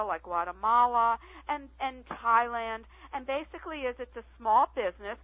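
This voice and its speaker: Woman guest on a phone line, animated storyteller, higher pitch, dry and tinny. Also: no room sound. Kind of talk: phone-in radio interview. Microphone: telephone.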